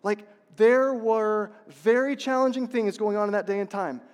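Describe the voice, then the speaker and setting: A man's voice: high-pitched, normal speed. A man preaching a sermon as a pastor, passionate and repetitive, asking the congregation rhetorical questions. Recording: long reverb of a large hall.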